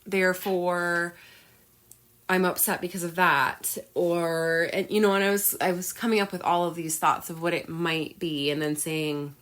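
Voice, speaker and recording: A woman's voice: fairly low pitch, steady tone, measured pace, fairly bright tone. A woman podcast host candidly retelling a personal story in an emotional monologue, with many fillers.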